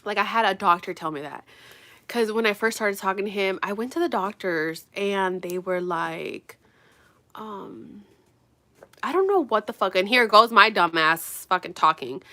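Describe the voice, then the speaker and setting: A young woman vlogging while getting ready, talking bluntly and with lots of swearing, swinging between loud outbursts and low mutters. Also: normal speed. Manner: animated, blunt and profane, drops to mutters. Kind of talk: casual get-ready-with-me rant.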